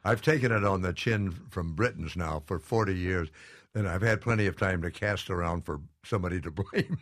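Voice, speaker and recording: Older man, low dry voice, chuckling. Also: a little fast, fairly bright tone, dry recording. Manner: self-deprecating, laughs often. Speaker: guest. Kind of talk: casual interview chat.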